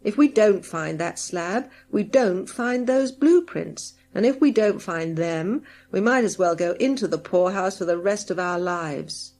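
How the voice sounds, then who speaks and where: A woman reading an audiobook, voicing a drawling, menacing male gang boss who turns sharp and angry. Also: fairly low pitch, animated, a little slow, hardly any pauses. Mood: drawling, scheming.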